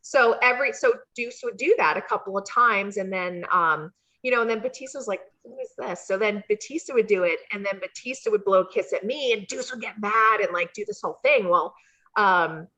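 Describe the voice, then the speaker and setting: A woman telling animated stories as an interview guest, slipping into high voices when she acts out what people said. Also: brisk, low-quality recording. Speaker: interview guest, former wrestling valet. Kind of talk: casual storytelling interview.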